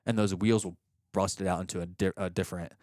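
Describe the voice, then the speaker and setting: Low-voiced male coach, dry close sound. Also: fast, dry recording. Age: young adult or middle-aged, a father of young kids. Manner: explaining in a steady teaching way, often acting out example questions. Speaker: coach and podcast host. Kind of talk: coaching session chat.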